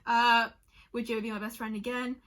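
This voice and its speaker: In her vlog, a young woman reads answers from friends aloud and reacts along the way, chatty and emotional, saying "like" constantly and stopping herself mid-sentence. Her voice is a little high and a bit bright, with a flat, brisk delivery.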